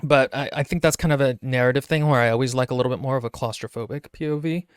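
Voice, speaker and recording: A man's voice: mid-range voice, fast, clean tone, no room sound, clean studio sound. A man co-hosting a podcast, giving opinionated, wry comments on a novel in casual chat. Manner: opinionated, wry, trailing asides. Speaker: podcast co-host. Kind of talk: casual book discussion.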